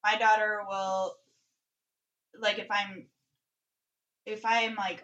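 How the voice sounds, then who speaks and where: A woman's voice: mid-range voice, level tone, slow pace, long pauses, pushed and bright, lo-fi sound. A woman co-hosting a casual podcast in a mid-range voice. She talks bluntly and outspokenly, swearing casually as she makes her points. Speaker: podcast co-host.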